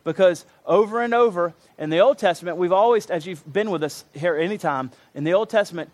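A man's voice: high-pitched, brisk, a little mellow. A man preaching a sermon to his congregation, earnest and emphatic, often repeating himself for weight. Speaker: pastor.

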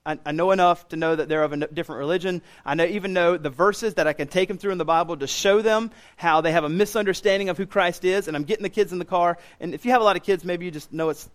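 A man in his thirties preaching a sermon as pastor, animated and getting loud when he acts out what others say. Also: sits high, fast talker, hardly any pauses.

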